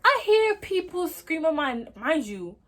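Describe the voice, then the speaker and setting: A young woman tells a story into her phone at home. She is animated and slangy and talks straight to her viewers in an easy storytime chat. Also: extremely high pitch, unhurried. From Brooklyn, New York. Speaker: vlogger. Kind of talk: casual storytime.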